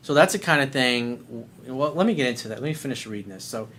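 A man's voice: medium pitch, lively intonation, fast talker, fairly bright tone, slight background noise. A man hosting a dating advice video, talking bluntly and sarcastically, with casual swearing. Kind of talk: casual advice monologue reading viewer letter.

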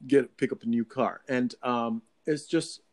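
A man chatting casually as a co-host, rambling and animated with frequent restarts, from Long Island. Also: mid-range voice, a little slow. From Long Island, New York. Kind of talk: casual chat.

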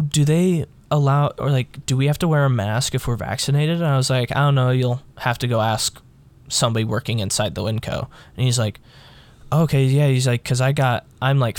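A man's voice: medium pitch, moderate pace, darkish tone. A man in casual chat, retelling a conversation in an easygoing way.

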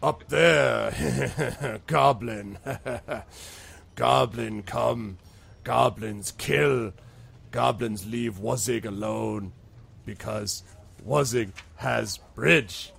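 A man voicing a dim-witted, brutish male creature guarding a bridge with a club, speaking in halting, broken phrases. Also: mid-range voice, fairly bright tone, exaggerated voice. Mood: proud. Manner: broken halting speech, slow and gravelly.

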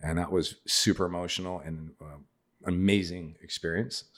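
Deep-voiced middle-aged man telling a story. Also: moderate pace. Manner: animated anecdote teller, acts out other people's lines. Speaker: podcast guest. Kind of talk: casual storytelling.

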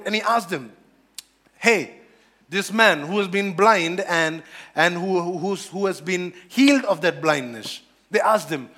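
A man preaching a sermon on scripture, animated, repeating phrases and acting out the quoted voices. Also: high-pitched.

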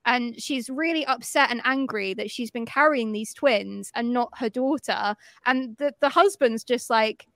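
A woman co-hosting a podcast, recapping a film in casual chat, animated and sweary, acting out the characters' lines. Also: a little high, measured pace, gravelly, hardly any pauses, dry recording, studio quality. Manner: animated storytelling, acts out quotes, swears freely. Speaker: podcast co-host.

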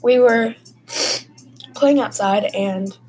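A woman with a fairly high pitch and darkish tone speaks slowly over slight background noise in a rough recording. Hosting a casual podcast, she tells personal stories in a rambling, chatty way full of fillers.

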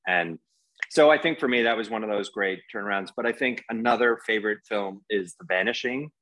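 A man's voice: lowish voice, steady tone, a little fast, a bit bright, poor audio. Male podcast guest, casual storyteller, chatty and rambling. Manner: rambling, anecdotal storyteller with many fillers. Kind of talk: casual conversation.

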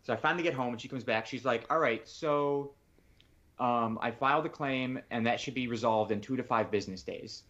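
This podcast co-host, a man with an ordinary mid-pitched voice that is fairly quick and a bit bright, rambles casually through a long story and acts out the phone calls he made. The recording has a somewhat dull, lo-fi sound.

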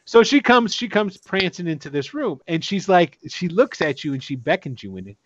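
A man's voice: high-pitched, big pitch swings, normal speed, highs cut off. A man running a tabletop game as game master, narrating in a loose, casual way.

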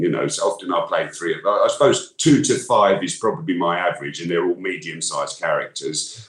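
London man, very low voice, eager interview chatter, roomy echo. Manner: enthusiastic, chatty, frequent restarts. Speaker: voice actor guest. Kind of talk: casual interview chat.

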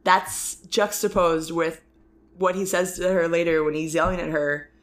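A woman's voice: lowish voice, steady tone. A woman co-hosting a casual film discussion podcast, talking in rambling bursts full of likes and restarts. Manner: rambling, many fillers and restarts, quick bursts. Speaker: podcast co-host.

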